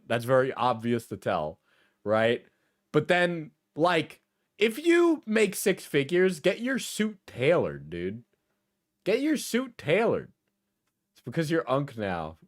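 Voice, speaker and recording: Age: unknown. Role: streamer. Style: lively, profane reaction commentary. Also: mid-range voice, unhurried. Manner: profane, laughs often, incredulous. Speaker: streamer reacting to an award show clip.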